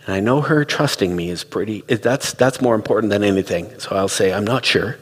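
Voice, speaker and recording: A middle-aged man who speaks on relationships gives a reflective, conversational talk, telling stories and acting out quoted dialogue. His lowish voice is brisk and slightly rough, with a big-room sound.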